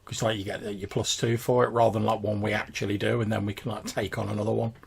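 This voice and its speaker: A tired man, a player chatting casually in a halting, rambling way with swearing. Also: on the low side, level tone, creaky, slightly rough. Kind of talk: casual tabletop game chat.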